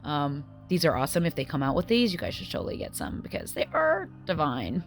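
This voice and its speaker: A woman's voice: deep voice, wildly swooping pitch, fairly quick, soft background music. A woman in her forties chatting casually through a food diary vlog, often sounding a little out of breath. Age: 40s. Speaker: vlogger. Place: various rooms and a dance studio.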